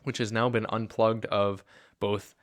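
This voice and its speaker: A man's voice: lowish voice, level tone, unhurried, no room sound. A man co-hosting a car podcast in casual chat, easygoing and opinionated. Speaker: podcast co-host.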